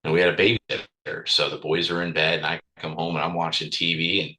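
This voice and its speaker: A man's voice: deep voice, flat delivery, fast, bright, forceful tone, rough recording. A man speaking as a podcast guest, telling a candid personal story bluntly, swearing freely and with raw emotion.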